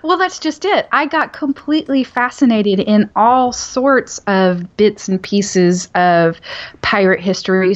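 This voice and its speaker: A woman's voice: mid-range voice, lo-fi sound. A woman author being interviewed, explaining her research eagerly and in detail, with frequent ums. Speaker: author guest. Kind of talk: podcast interview.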